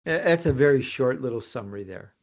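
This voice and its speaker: A man's voice: mid-range voice, expressive, brisk. Chatty American man, podcast guest. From United States. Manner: chatty, self-promoting, with frequent restarts and fillers. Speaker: podcast guest, host of his own show. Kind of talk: casual interview talk.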